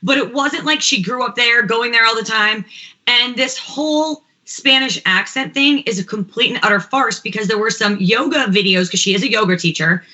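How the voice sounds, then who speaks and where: Assertive woman panelist, bright voice. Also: fairly high pitch, normal speed, poor audio. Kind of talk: casual panel chat.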